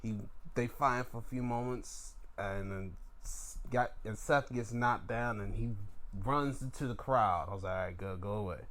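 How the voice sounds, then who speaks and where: A young man hosting a casual solo podcast, recapping wrestling in an animated, profane way with laughs and sudden outbursts. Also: mid-range voice, a little slow. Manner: animated, profane, laughs and swings between loud outbursts and mumbling asides. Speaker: podcast host.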